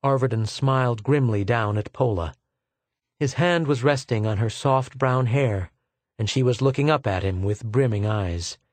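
A man reading a science fiction story aloud in a measured, dramatic way. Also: mid-range voice, darkish tone, dry recording. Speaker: audiobook narrator. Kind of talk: scripted fiction narration.

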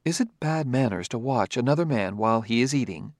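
A man reading the part of a calm, precise male robot in a measured, formal way, as in an audiobook. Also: medium pitch, dry recording, clean studio sound, lightly acted.

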